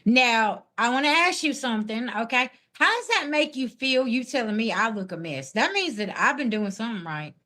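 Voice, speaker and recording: A woman's voice: fairly high pitch, expressive, moderate pace, hardly any pauses, pushed and bright. A woman, chatting casually on a live stream as a spiritual reader and answering viewers' comments in a sassy, blunt way. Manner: sassy, blunt, talks straight back at chat comments.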